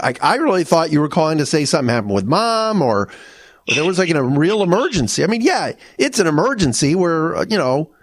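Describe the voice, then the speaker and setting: A man talks in casual chat, stumbling over his words and retelling what was said. His voice sits a little high and moves a lot. The sound is close and dry. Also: wildly swooping pitch, no echo. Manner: halting, repeats words, retells conversations. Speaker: podcast co-host.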